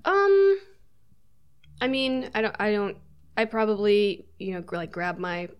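A woman playing a fighter in a tabletop game, hesitant and often quiet. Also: mid-range voice, a little slow, smooth. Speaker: player voicing a fighter. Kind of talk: tabletop role-play in character.

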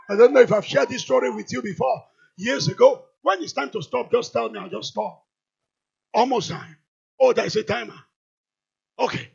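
A man with a Nigerian accent preaching a sermon, moving from quiet storytelling to shouted declarations. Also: very high voice, gravelly, husky, muffled recording. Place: large church hall.

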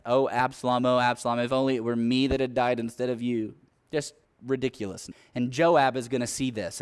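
A man preaching a sermon, telling a Bible story and reading scripture aloud, building up energy at the dramatic parts. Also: medium pitch. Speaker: pastor.

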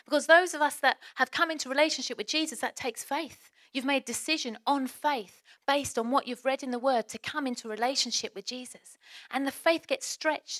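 A woman preaching a sermon in a chatty, lively way, with sudden quiet asides. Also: fairly high pitch.

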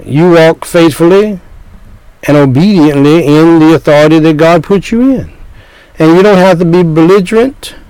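A man's voice: fairly high pitch, normal speed, darkish tone, clear, resonant tone, no echo, rough recording. An older man preaching a sermon, scolding his listeners with repeated points and rhetorical questions.

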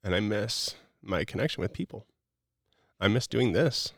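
A man's voice: fairly low pitch, animated, moderate pace, gravelly, no room sound, studio quality. A middle-aged man, a podcast guest, talking in an earnest, preachy, motivational way with many casual "like" fillers.

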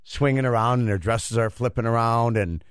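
A middle-aged man hosting a radio show, rambling and halting as he tells a story in casual banter. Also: medium pitch, clear, resonant tone, no room sound, clean studio sound. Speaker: radio host.

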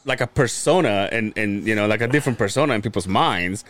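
A man's voice: lowish voice, expressive, fast, fairly bright tone. A man co-hosting a podcast, telling casual profane stories and mimicking coworkers' voices. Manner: profane storyteller, acts out others' voices. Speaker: podcast co-host.

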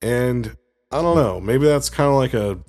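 Gravelly laid-back man telling a story. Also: medium pitch, animated, normal speed, a little mellow. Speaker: podcast co-host. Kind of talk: casual chat.

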